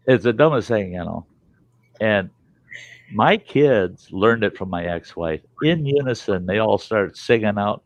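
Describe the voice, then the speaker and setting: A man hosting a storytelling show, telling a rambling, folksy, animated tale and swearing casually as he goes. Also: lowish voice, measured pace, dry recording, lo-fi sound. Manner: animated, folksy, swears casually, chuckles through his tales. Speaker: podcast host.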